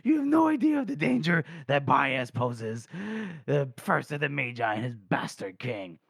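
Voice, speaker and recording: A man's voice: mid-range voice, big pitch swings, moderate pace, creaky, dry recording, clean studio sound. A man voicing a furious, desperate old male church leader who rants angrily. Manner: angry ranting.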